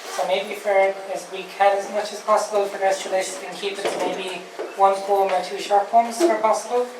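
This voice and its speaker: Woman, open-mic host, casual introductions, filler pauses, roomy pub, background noise. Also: mid-range voice, fairly even intonation, distant mic. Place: pub function room.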